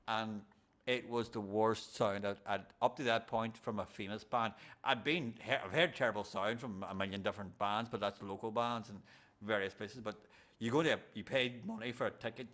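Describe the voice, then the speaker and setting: A man's voice: on the low side, fairly even intonation, normal speed, fairly bright tone. A man hosting a casual podcast, blunt and emphatic, swearing freely as he rambles through his opinions. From Ireland. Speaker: podcast host.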